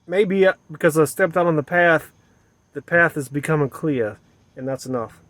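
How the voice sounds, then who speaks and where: A man with a fairly high, slightly bright voice speaks at a moderate pace, with no room sound. Playing a mother for his vlog, he rambles to himself on camera while setting up solar gear outdoors at dusk. His self-talk repeats phrases, starting as muttering and rising into agitated outbursts.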